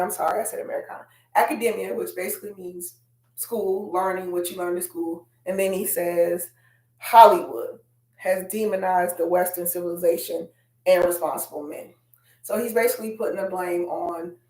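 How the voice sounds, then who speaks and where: A woman's voice: fairly low pitch, a little mellow. Woman doing a casual vlog, talks right to the viewers, reads quotes out, roomy echo. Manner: chatty, addresses viewers directly, reads quotes aloud. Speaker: host.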